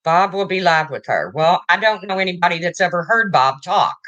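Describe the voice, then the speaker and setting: A woman's voice: on the low side, lively intonation, brisk, fairly bright tone, lo-fi sound. A woman hosting a casual livestream, chatting and answering viewer comments as they come in. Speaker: livestream host.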